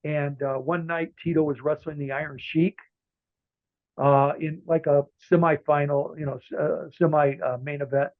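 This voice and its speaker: Here the same former wrestler and ring announcer, now in his sixties, wanders through anecdotes as an interview guest, often restarting and leaning on fillers. He speaks at normal speed in a fairly high voice with fairly even intonation. There's no room sound; the audio is dry and tinny, like a phone line.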